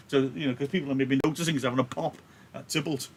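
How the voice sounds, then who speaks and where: A man's voice: medium pitch, steady tone, racing, breathy edge. A man teaching live, reading a play aloud and explaining it in a joking, chatty way over a laptop mic.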